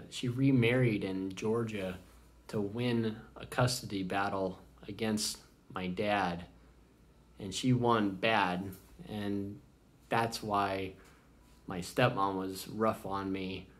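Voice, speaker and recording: A man in his thirties casually telling family stories to camera, rambling and halting with many fillers. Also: on the low side. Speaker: vlogger. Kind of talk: casual storytelling.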